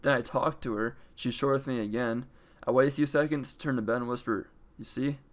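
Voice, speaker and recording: A young man with a mid-range voice talks briskly through a casual storytime. He's chatty and swears, and he acts out what the other people said by switching into different voices.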